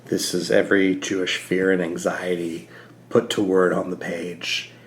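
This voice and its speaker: A man's voice: sits low, little pitch movement, measured pace. A man co-hosting a podcast, talking earnestly and animatedly about a comic, with frequent "like" fillers. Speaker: podcast co-host. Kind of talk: casual podcast discussion.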